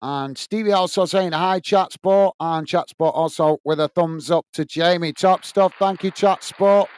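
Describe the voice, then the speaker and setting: A man from England with a high, smooth, clear voice calls a football match for a live fan stream. He reads viewer comments aloud between passages of play and cheers on his side. The sound is close and dry, with no room around it. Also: a little slow, darkish tone, dry recording. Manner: chatty, reads out viewer comments, partisan for his own team. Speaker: watch-along host and commentator.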